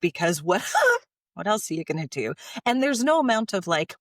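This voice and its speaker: A woman, a podcast guest, telling stories in a casual, animated way and acting out the people in them. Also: mid-range voice, normal speed, no room sound, clean studio sound. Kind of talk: casual storytelling.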